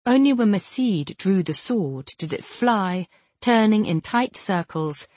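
Steady woman narrating a fantasy novel. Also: medium pitch, unhurried, dry recording. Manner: steady, even storytelling. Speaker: audiobook narrator.

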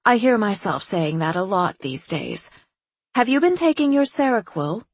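A woman voicing an eccentric, irresponsible female psychiatrist who makes breezy, pompous pronouncements in a husky voice. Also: medium pitch, big pitch swings, normal speed, no echo, pitched above the performer's own voice.

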